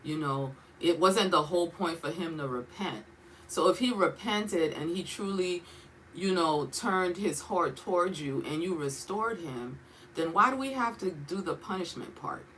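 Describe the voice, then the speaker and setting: A woman's voice: on the low side, animated, unhurried, a bit bright, slight background noise, poor audio. A woman giving a casual Bible teaching in a conversational way, asking questions and checking in with her listeners often.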